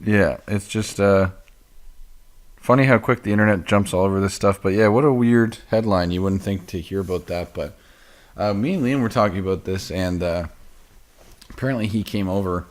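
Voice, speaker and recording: A man co-hosting a podcast in casual chat, halting and full of fillers, cursing freely. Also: on the low side. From Canada. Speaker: podcast co-host.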